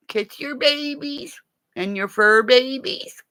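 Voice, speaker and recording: A woman's voice: fairly low pitch, big pitch swings, slow pace. A middle-aged woman hosting a casual livestream, chatty and playful, laughing often. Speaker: livestream host.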